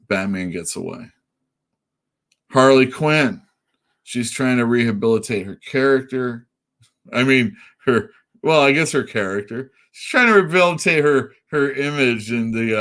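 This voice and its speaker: A man's voice: medium pitch, a bit bright. A man hosting a comic shop show, chatting casually about comic books and rambling with lots of fillers and restarts. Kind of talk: casual chat.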